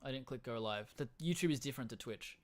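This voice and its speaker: Fast-talking, teasing male co-host. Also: medium pitch, a crowd in the background. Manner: brisk, teasing, upbeat. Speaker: podcast co-host. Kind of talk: casual podcast chat.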